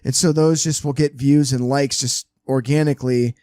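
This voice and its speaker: A man hosting a casual podcast who tells animated stories and swears freely. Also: medium pitch, moderate pace, no echo. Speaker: podcast host.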